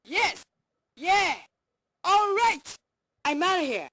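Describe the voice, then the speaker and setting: A voice actor playing a brash male cartoon hedgehog, shouting taunts and cheers in drawn-out game voice lines. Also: extremely high pitch, very animated, full character voice. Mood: cheering.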